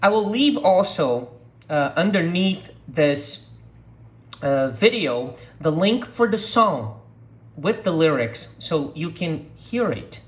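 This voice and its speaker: A Portuguese speaker from Brazil, teaching a slow language lesson and patiently repeating words for learners to copy. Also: mid-range voice, big pitch swings.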